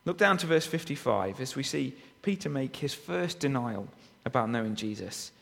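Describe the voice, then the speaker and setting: A man's voice: medium pitch, big pitch swings, normal speed, vocal fry, fairly bright tone. A man preaching a sermon, reading and expounding scripture with frequent rhetorical tag questions. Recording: long reverb of a hall.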